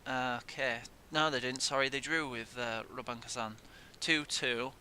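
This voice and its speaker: A man's voice: steady tone, moderate pace, pushed and bright. A young man giving casual gameplay commentary, swearing in frustration at the game. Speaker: gaming YouTuber. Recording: faint noise and low rumble.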